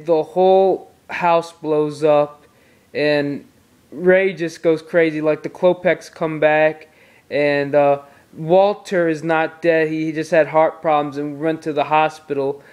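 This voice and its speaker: Smooth-voiced man, flat delivery. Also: on the high side, a little slow. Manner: rambling plot retelling with restarts. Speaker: VHS movie reviewer. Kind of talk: casual movie review.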